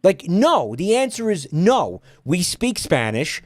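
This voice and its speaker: A man's voice: high-pitched, big pitch swings, slow pace, dry recording. A man streaming and ranting at his chat, exasperated and swearing often. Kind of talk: casual stream rant.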